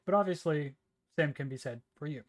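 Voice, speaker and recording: A man's voice: on the high side, a little fast. A man playing in a tabletop role-play, describing his character's actions in the first person. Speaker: player.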